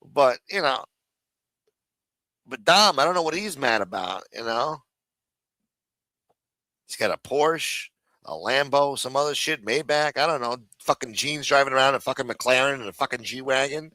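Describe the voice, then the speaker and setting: A man's voice: medium pitch, expressive, normal speed, long pauses, pushed and bright, no room sound, low-quality recording. A man hosting a live stream, ranting and mocking in casual, profanity-heavy talk. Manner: profane, mocking, rambling rant.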